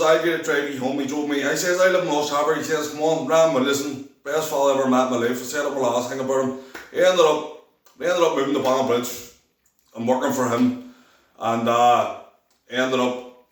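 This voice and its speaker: A man's voice: mid-range voice, very echoey, recorded from a distance, rough recording. A man with a Belfast accent telling his personal testimony in a rambling way, restarting often and acting out the voices of the people he quotes. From Northern Ireland. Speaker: testimony speaker.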